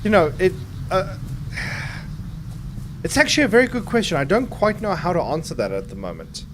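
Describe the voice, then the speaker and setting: A man streaming a game and chatting casually. He rambles with many restarts, swears freely and speaks with clear enunciation. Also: sits high, big pitch swings, brisk, background noise.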